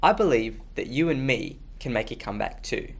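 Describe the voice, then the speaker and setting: Brief: enthusiastic kids' storyteller, a man with a very lively, bouncing voice. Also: medium pitch, fairly quick. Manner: energetic, talks to the audience. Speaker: children's ministry presenter.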